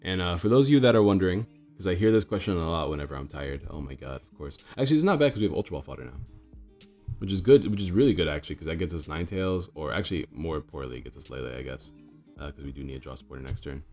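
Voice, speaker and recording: A young man with a hoarse, groggy voice, chatting casually while commentating a card game he is playing. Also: low voice, lively intonation, very fast, a little mellow, soft background music. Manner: chatty, thinks aloud with fillers.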